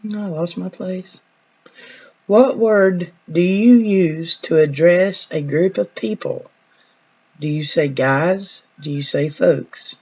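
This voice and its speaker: A woman's voice: lowish voice, darkish tone, lo-fi sound. A woman, a nurse chatting casually in a vlog, telling stories in a folksy way that trails off now and then.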